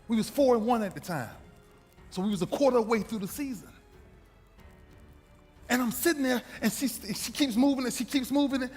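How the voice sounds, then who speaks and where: High, animated man telling a story in a hall. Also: normal speed, long pauses. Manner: emphatic, repeats phrases for rhythm. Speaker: motivational speaker. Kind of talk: dramatic storytelling speech. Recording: reverberant hall with faint music.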